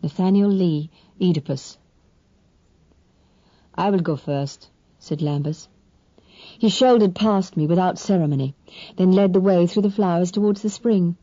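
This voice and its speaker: Woman, audiobook narrator, measured expressive storytelling, mellow tone, dry close recording. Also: fairly low pitch, no room sound, muffled recording. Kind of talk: scripted first-person narration.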